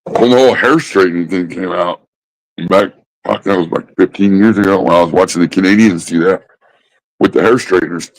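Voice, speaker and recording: A man ranting casually about smoking habits, swearing constantly and mocking others with drawn-out pauses. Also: low voice, low-quality recording. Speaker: host. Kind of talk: casual profane rant.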